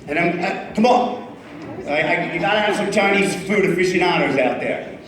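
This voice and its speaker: A man's voice: sits high, normal speed, noisy background. A man in his fifties performing a stand-up comedy set on a club stage, chatting with the crowd and poking fun at himself. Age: 50s. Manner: chatty crowd work, self-mocking. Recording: echoey club room, voice off-mic.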